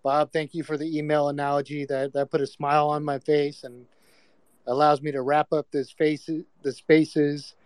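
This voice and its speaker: A man hosting a casual group audio chat, relaxed and swearing freely as he calls on each speaker. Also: a little high, clean tone, no echo. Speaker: host.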